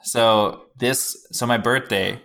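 A man's voice: medium pitch, fairly even intonation, slow pace, fairly bright tone. A man co-hosting a podcast, telling a rambling story in casual chat and swearing freely. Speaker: podcast co-host.

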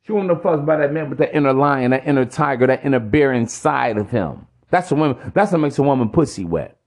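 A man's voice: medium pitch, lively intonation, a little fast. A man hosting a podcast, ranting in a preachy, profane monologue full of repetition. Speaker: podcast host.

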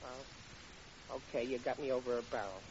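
An actor playing a bumbling, ungrammatical husband and father in an old radio comedy, blustering and excitable. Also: medium pitch, moderate pace, close to an everyday voice. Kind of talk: 1940s radio acting. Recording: dull hissy old radio broadcast.

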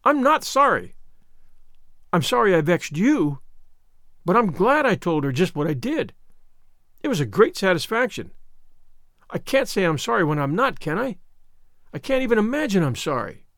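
Passionate, defiant orphan girl, read by a man, high and pleading. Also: sing-song, normal speed, long pauses, fairly bright tone, no echo, studio quality, heavily acted.

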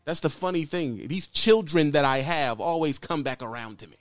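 Man, slightly higher voice, blunt mocking call-out rant, dry close sound, faint music behind. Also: lively intonation, normal speed, no room sound. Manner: blunt and mocking, repeats lines. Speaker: YouTuber calling out another trucker.

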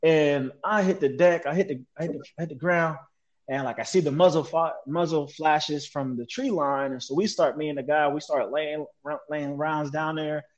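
Lively interview guest, a man with a fairly high voice, slangy and vivid; muffled lo-fi sound. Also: normal speed. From United States. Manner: animated, relives events, mimics sounds, slangy with frequent "like" and "bro". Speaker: guest, military veteran. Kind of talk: conversational storytelling in an interview.

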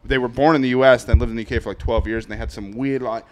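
A man's voice: mid-range voice, a little hiss or hum. A man from New Hampshire, a comedian, chatting loosely on a podcast with laughs and asides. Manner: animated, laughing, swearing, quick asides. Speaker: comedian guest. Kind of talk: casual podcast banter.

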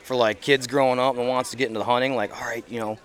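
A middle-aged podcast guest talks very fast in a casual outdoor interview at an event. His voice is medium in pitch, fairly even and a bit bright, and he wanders earnestly through his points with many fillers and restarts.

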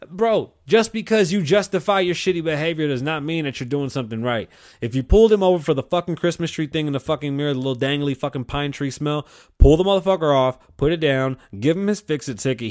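A man's voice: a little high, fast, a little mellow. A man hosting a podcast, delivering a heated, profane comedic rant and acting out the people he quotes. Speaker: podcast host.

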